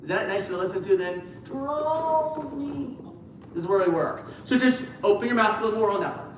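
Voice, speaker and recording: Upbeat high-voiced choir director, echoey room. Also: male voice, very fast, a little hiss or hum. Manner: upbeat, encouraging, demonstrates by singing. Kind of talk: choir rehearsal coaching. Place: large echoey rehearsal room. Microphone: distant room mic. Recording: echoey room from far off, with piano. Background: piano and choir.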